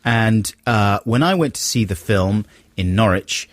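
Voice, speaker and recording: A man's voice: fairly low pitch, animated, unhurried, no echo. A man from East Anglia co-hosting a comic radio show, chatty and teasing, laughing often. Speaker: radio co-host. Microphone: studio mic.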